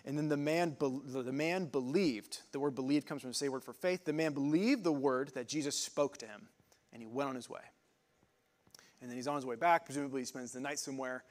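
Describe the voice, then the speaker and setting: A man preaching an informal sermon, explaining Bible words in a halting, conversational way with many fillers and restarts. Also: medium pitch. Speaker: pastor.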